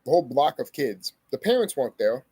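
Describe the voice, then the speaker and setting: A young man tells a painful story to his camera in a heated, profane rush, hammering his points with repetition. His pitch swings widely as he talks. The sound is dry and close, with no room echo. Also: big pitch swings, fairly quick, warm tone, husky. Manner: profane, heated, emphatic, repeats phrases. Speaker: vlogger. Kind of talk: emotional personal storytelling to camera.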